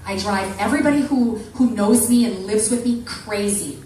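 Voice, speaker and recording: A woman giving an animated motivational talk to a women's group, acting out the people she quotes. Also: medium pitch, normal speed. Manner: animated, acts out quoted voices. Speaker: motivational speaker. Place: meeting room with an audience. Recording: echoey room from far off, faint noise.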